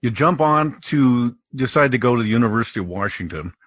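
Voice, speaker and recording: Lively-voiced male interviewer. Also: medium pitch, brisk. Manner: short encouraging replies and questions. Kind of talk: casual interview.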